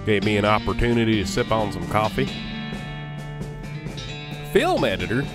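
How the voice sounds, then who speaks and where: Jokey low-voiced man playing a game. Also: very animated, moderate pace, over music. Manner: jokey, reads game text aloud. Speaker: gamer. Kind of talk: casual let's play commentary.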